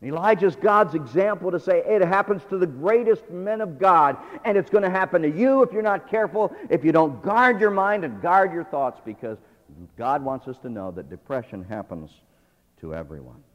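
A man's voice: high-pitched, animated, moderate pace, lo-fi sound. Male pastor, dramatic sermon, dynamic swings, church hall reverb. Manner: dramatic swings from hushed to loud.

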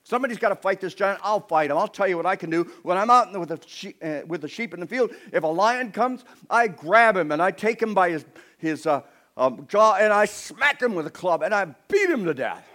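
A man preaching plays a bold, cocky young shepherd, talking excitedly in a raised voice. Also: normal speed. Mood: boastful. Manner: excited, bragging, raised pitch. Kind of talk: sermon storytelling.

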